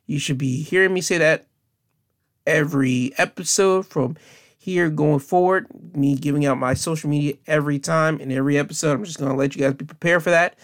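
A young man wraps up his solo podcast in a casual, rambling way, fairly quick, with a voice a little high for a man. He often stops and restarts sentences, staying earnest and encouraging as he thanks his listeners.

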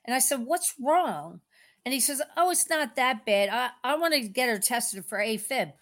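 A middle-aged woman talks on a call-in faith program with a voice pitched a little above average. She rambles and circles back through her story in a tender, unpolished way. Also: animated, fairly quick, a bit bright. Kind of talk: casual emotional storytelling.

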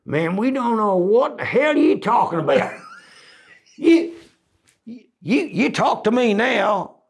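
A man's voice: sits high, sing-song, slow, vocal fry, husky, pitched above the performer's own voice, heavily acted. A man doing a drawling band guy. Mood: puzzled. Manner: drawling, puzzled, easygoing. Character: laid-back American male band musician, baffled.

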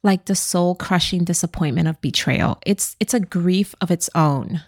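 A woman with a fairly low voice co-hosts a casual movie recap podcast. She retells scenes earnestly and thoughtfully, and her voice sits in a dry, close-miked space. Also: normal speed, darkish tone, no room sound. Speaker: podcast co-host.

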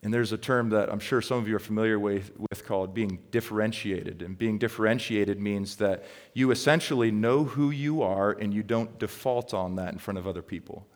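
A pastor preaching a sermon in a conversational, storytelling way, getting loud and animated as he acts out a story. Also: lowish voice, fairly quick, few pauses, big-room sound. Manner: conversational storytelling, grows loud and excited when reenacting.

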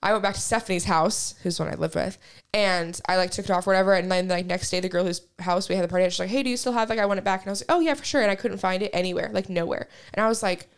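A woman's voice: medium pitch, rapid-fire, clean tone. A woman in her twenties, a podcast co-host telling stories in a rambling, casual way, full of "like" and swearing. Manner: rambling, heavy use of "like", frequent swearing. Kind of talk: casual chat, storytelling.

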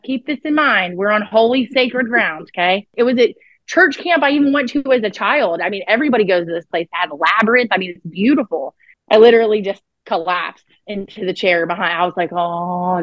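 A woman's voice: lowish voice, no room sound, dull audio. A woman telling a story as a psychic guest on an interview podcast, blunt and profane, acting out what people said. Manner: blunt, profane, acts out quoted dialogue.

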